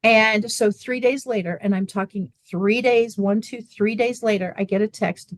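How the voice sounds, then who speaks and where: A middle-aged woman, a guest on an interview show, telling a lively personal story and acting out family dialogue. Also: mid-range voice, normal speed, no room sound. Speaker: guest, water machine business owner.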